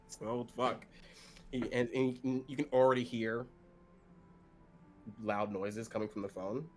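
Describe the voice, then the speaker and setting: A man narrating a tabletop role-playing game as game master, halting often to restart. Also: medium pitch, flat delivery, a little mellow, slight background noise. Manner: halting, full of fillers and restarts.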